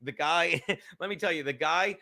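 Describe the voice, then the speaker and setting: A middle-aged man hosting his own show, ranting in a loud, profane, excitable comedic monologue. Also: fairly high pitch, normal speed. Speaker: podcast host.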